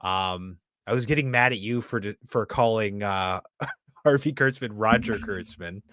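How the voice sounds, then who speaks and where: A man joining a casual livestream as a guest, chatty and scattered, with quick asides. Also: fairly low pitch, fairly bright tone, no room sound. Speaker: guest co-host.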